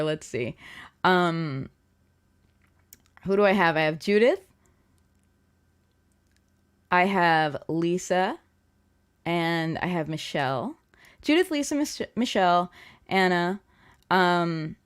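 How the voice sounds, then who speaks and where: A young woman hosting a casual livestream tarot reading, chatty and playful, rambling with fillers and restarts. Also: fairly low pitch.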